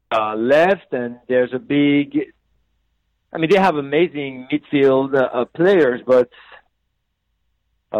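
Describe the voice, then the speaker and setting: A man's voice: mid-range voice, darkish tone, dry recording, highs cut off. A man chatting casually about football, hesitant, with many fillers and restarts. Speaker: football pundit. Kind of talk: casual sports chat.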